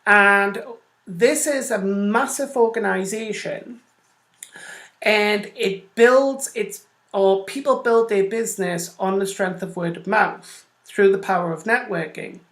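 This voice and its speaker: A woman's voice: medium pitch, slow, fairly bright tone. Woman radio host, mid-range voice, casual and rambling, echoey room sound. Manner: rambling, chatty, addresses listeners directly. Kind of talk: casual explanatory talk. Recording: roomy echo.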